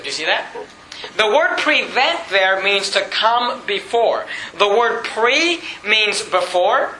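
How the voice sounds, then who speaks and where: A pastor preaching a sermon, reading scripture aloud and firing off rhetorical questions in an emphatic delivery. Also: male voice, extremely high pitch, lively intonation, slow, pushed and bright, slight background noise. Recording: echoey hall.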